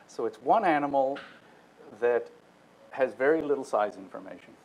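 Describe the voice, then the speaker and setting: A man's voice: mid-range voice, lively intonation, unhurried, slight background noise, low-quality recording. A man lecturing on a technical subject, explaining step by step and demonstrating vowel sounds with his own voice. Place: lecture room.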